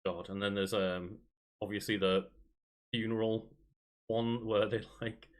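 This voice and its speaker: A man co-hosting a podcast in relaxed, casual chat. He talks in a laid-back, agreeable way, with a fairly low voice. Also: measured pace. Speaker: podcast co-host.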